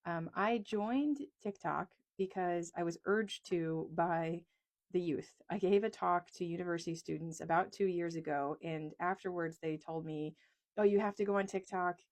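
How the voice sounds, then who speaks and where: This woman, an economist from East Texas making videos, talks openly and jokes at her own expense while addressing the camera. She speaks with a steady tone, on the low side, at a moderate pace. A pencil-mounted lapel mic in a small closet captures her.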